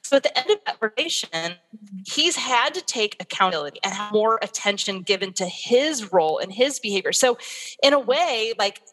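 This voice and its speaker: Bright-voiced woman, animated parenting expert. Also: medium pitch, a little fast, long reverb tail. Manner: animated storytelling, acts out what she says to her kids. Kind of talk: interview, explaining.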